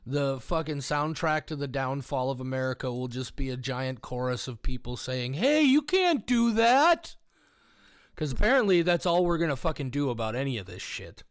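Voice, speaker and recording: A man co-hosting a horror podcast in casual chat, swearing freely and ranting in an animated way. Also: mid-range voice, a little fast, few pauses, clean tone, no echo, clean studio sound. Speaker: podcast co-host.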